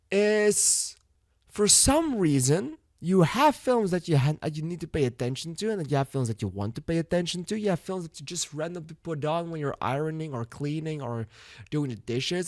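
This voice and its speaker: A man's voice: fairly high pitch, dry recording, studio quality. A man with a Dutch accent reviewing a film in a frank, casual way, swearing now and then. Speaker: movie reviewer.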